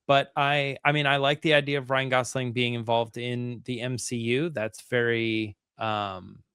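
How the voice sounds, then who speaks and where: A man's voice: mid-range voice, level tone, measured pace, fairly bright tone, smooth, no echo, clean studio sound. Easygoing hesitant male podcast co-host. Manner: easygoing, hesitant, full of fillers and restarts. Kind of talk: casual podcast chat.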